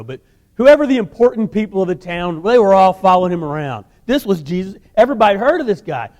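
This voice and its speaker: A man preaching a sermon, telling the story in an animated way with casual asides. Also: high voice, big-room sound. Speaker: guest preacher.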